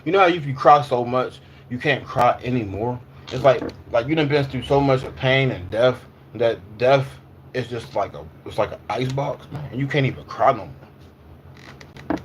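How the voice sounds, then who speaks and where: A man's voice: mid-range voice, moderate pace, slight background noise. A man in his twenties or thirties chatting casually on a livestream. He talks in a loose, slangy way, repeats himself, and answers viewers' comments as he goes.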